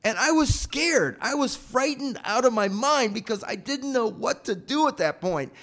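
A man telling a personal story aloud in an animated, breathless way. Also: very high voice, normal speed. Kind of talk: personal anecdote told aloud.

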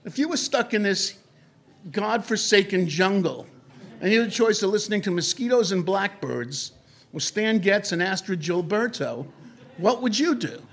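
A laid-back French café owner and former disc jockey, put on by a man telling a story. He speaks with a French accent in a high voice, relaxed and matter-of-fact. He sounds knowing and unhurried. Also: vocal fry.

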